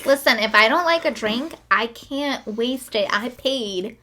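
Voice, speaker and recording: A woman's voice: a little high, lively intonation, a little slow, pushed and bright. A woman co-hosting a podcast who chimes in bluntly and defends herself. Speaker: podcast co-host. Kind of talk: casual storytelling chat.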